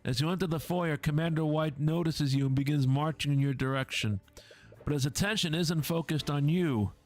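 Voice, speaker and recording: A man voices each character of a visual novel in a lively, dramatic read-through, adding asides along the way. He speaks on the high side at a moderate pace, with faint music in the background.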